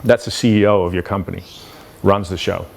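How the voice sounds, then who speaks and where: A man's voice: low voice, steady tone, fairly quick, vocal fry, darkish tone, slight background noise. A man giving an informal lecture at an event, conversational and often checking in with "yeah" and "you know.". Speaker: speaker explaining brain biology.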